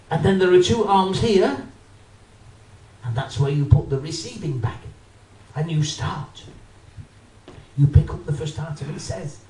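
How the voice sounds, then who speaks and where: A man doing an animated stand-up routine, talking straight to a live audience. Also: sits high. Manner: animated, addresses the audience, acts out voices. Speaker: stand-up comedian. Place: live comedy venue with audience. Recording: roomy live venue, mic from a distance.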